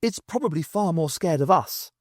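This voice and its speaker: A man reading aloud, voicing a calm, earnest male time traveller with a reassuring manner. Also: on the high side, normal speed, dry recording, clean studio sound, voice pushed up.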